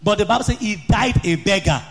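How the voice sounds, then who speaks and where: A man preaches with fervor, his voice pitched very high. He swings from quiet reading into shouted, chanting peaks. Faint music plays underneath. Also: brisk. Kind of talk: sermon.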